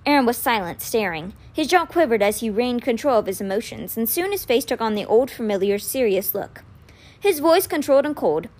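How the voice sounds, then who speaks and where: A woman with a fairly high, very lively voice reads a children's novel aloud, recapping each chapter before narrating it. Her storyteller's delivery is expressive and animated, and she reads a little fast.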